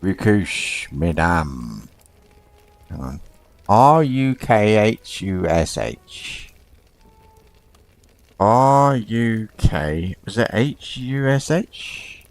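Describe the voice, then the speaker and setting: Slow, lively low-voiced male gamer. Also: dry recording, soft background music. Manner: muttering to himself, thinking aloud and spelling out words. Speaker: gamer playing an online role-playing game. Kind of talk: casual let's-play commentary.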